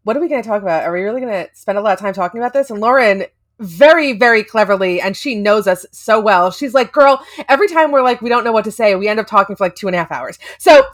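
A young woman co-hosting a podcast in casual chat, animated and quick to laugh. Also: mid-range voice. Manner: animated, laughing, fast bursts. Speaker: podcast co-host.

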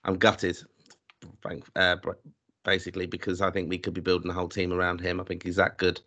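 An Irish man co-hosting a podcast, speaking reflectively and with measured thought, often restarting his sentences. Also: low voice, completely flat delivery, pushed and bright, lo-fi sound. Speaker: podcast co-host. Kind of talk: casual podcast chat.

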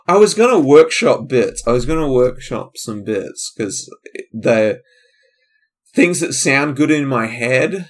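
A man, a comedian, hosting a solo podcast in a loose, rambling, digressive way, with frequent trailing-off asides. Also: fairly low pitch. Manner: casual, loose and digressive, trailing off, many fillers.

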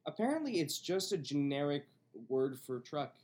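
A young man with a Buffalo, New York accent, hosting a podcast in casual chat with quick jokes. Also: on the high side, sing-song, darkish tone. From Buffalo, New York area. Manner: quick, joking. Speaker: podcast host.

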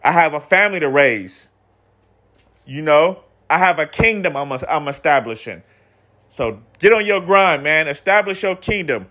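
A man's voice: fairly high pitch, lively intonation, normal speed, bright, forceful tone. A man hosting a podcast, delivering a motivational solo monologue in a preachy, repetitive way with slang and cursing. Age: adult with kids. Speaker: podcast host.

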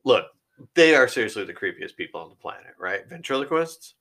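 A man talks casually on a podcast, his voice bright and forward, and his pitch swings widely as he jokes, swears and often breaks into laughter. He sounds relaxed and loose, like friends talking off the cuff. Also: brisk. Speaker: podcast co-host. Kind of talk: casual chat.

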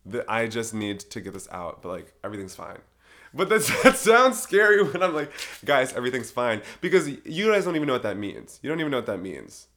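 A man's voice: medium pitch, a bit bright. A young man hosting his own solo podcast, rambling casually, often breaking into giggles and cutting himself off mid-sentence. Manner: giggly, rambling, self-interrupting. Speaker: podcast host.

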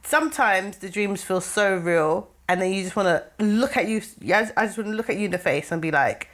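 A young woman co-hosting a casual couples' podcast, animated and laughing often as she acts out scenes. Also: mid-range voice, quick pace, few pauses. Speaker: podcast co-host.

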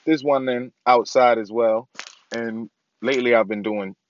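A man's voice: medium pitch, fairly even intonation, unhurried, lo-fi sound. A young man hosting his own podcast, giving a casual, rambling update from inside his parked car with lots of ums. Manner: laid-back, rambling with many ums. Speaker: podcast host.

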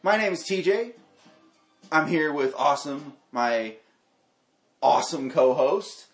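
A man hosting a podcast in casual banter, animated and quick to laugh, trailing off and restarting sentences. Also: fairly high pitch, soft background music. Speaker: podcast host. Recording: roomy echo.

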